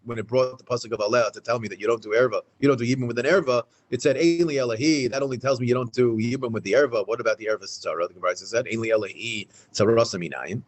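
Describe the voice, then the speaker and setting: Man, Talmud lesson, very fast, emphatic. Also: medium pitch, rough recording. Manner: animated, restates points, fast and emphatic. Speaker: Talmud teacher. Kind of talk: Daf Yomi Talmud class. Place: synagogue study hall, in front of a small class.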